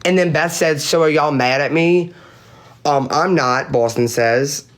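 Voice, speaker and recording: A man's voice: fairly high pitch, a little slow, a bit bright. A man on a live-stream panel recounting online drama in casual chat. He is blunt and profane, reads chat messages aloud, and repeats his points for emphasis.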